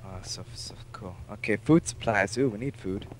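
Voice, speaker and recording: A young man playing a game with a friend in casual chat, excitable and prone to sudden yells. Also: fairly low pitch, normal speed, a little hiss or hum. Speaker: co-player. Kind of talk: casual let's-play chat.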